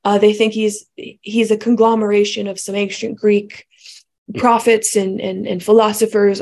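A woman's voice: medium pitch, darkish tone. A woman giving a reflective spiritual talk, musing aloud with many restarts and asides. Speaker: spiritual speaker.

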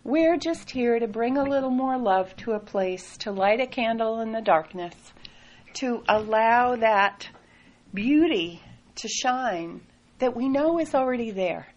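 A woman telling a personal story in a soft, reflective way, often laughing lightly. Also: fairly high pitch, expressive, unhurried, highs cut off. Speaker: speaker sharing a personal story.

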